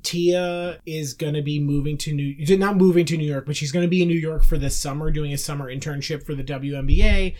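A man's voice: on the high side, fairly even intonation, fairly quick, few pauses, a little mellow. A man co-hosting a podcast in casual chat, recapping a show in a rambling way, full of restarts and swearing. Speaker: podcast co-host.

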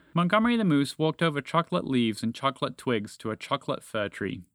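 A man narrating a children's storybook in a calm, even reading manner. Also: medium pitch, fast talker, hardly any pauses, no room sound, studio quality.

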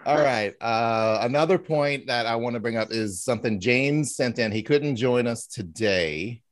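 A man's voice: mid-range voice, a little slow. A man hosting a casual sports chat, joking around and laughing often. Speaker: podcast host.

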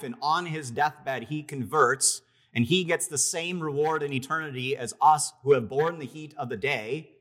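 A man's voice: on the high side, a bit bright. Man preaching a storytelling sermon. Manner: storytelling with conversational restarts. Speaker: pastor.

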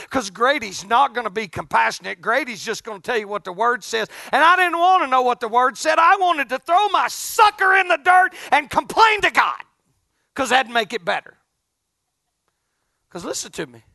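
A middle-aged man preaching a folksy storytelling sermon, swinging from hushed asides to loud outbursts. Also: high voice, gravelly, no echo, clean studio sound.

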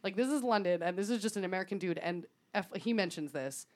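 A woman on a podcast recounts a story in relaxed, chatty fashion. Her pitch sits in an ordinary middle range, and she scatters fillers and the odd swear word through her telling. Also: fast talker. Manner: laughs often, swears casually, fillers like "um" and "like". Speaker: podcast co-host. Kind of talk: casual storytelling chat.

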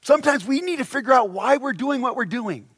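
A man delivers a sermon in a fairly high voice. He preaches with humor and animation, slipping into voices for the people in his stories. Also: animated, brisk, fairly bright tone, slightly rough. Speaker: pastor.

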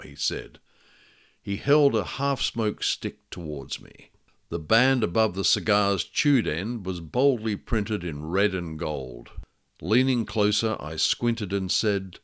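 Deep-voiced man narrating noir. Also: lively intonation, a little slow, a bit bright. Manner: dry, wry delivery. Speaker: author reading his own story. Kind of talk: first-person noir detective narration.

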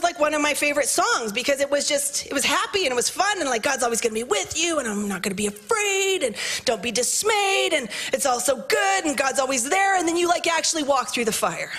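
A woman pastor preaching a sermon in church, swinging between impassioned shouts and hushed, conversational storytelling. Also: sits high.

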